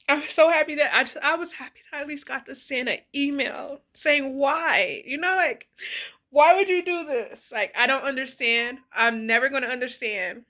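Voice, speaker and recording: A woman's voice: high-pitched, bright, forceful tone. A woman in a candid, emotional personal vlog, tearful and rambling with many fillers, speaking. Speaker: vlogger.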